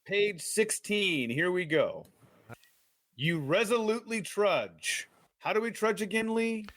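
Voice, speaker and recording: A man's voice: high voice, expressive, takes it slowly, fairly bright tone, no room sound. A man co-hosting a podcast, reading a kids' adventure book aloud with playful, joking asides. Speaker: podcast co-host. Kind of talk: casual live book reading.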